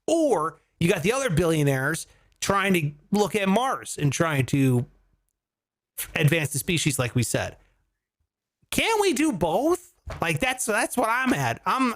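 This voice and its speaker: A man hosting a comedy podcast, chatting casually, swearing and joking with animated energy. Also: on the high side, normal speed. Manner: animated, swearing, mock voices for jokes.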